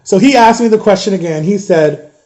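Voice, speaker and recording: A man's voice: high voice, brisk, warm tone. A man in his thirties telling a personal story in a casual storytime vlog, animatedly retelling a conversation and quoting both sides of it.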